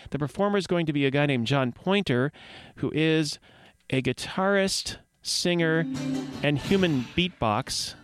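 A man's voice: fairly high pitch, moderate pace, music in the background. A man hosting a radio show, announcing songs and local events in a folksy, rambling way that often restarts sentences. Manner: rambling, folksy, corrects himself mid-sentence.

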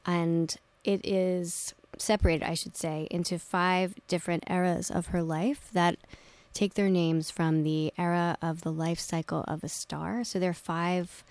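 A woman novelist with a Philadelphia accent, chatting in a radio studio interview with quick, self-deprecating asides. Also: lowish voice, steady tone, a little mellow, no echo. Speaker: novelist guest.

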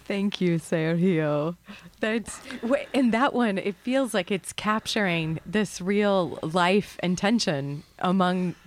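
A woman interviewer with a somewhat low voice. She asks careful, thoughtful questions and halts as she searches for her words. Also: a little hiss or hum. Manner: thoughtful, halting.

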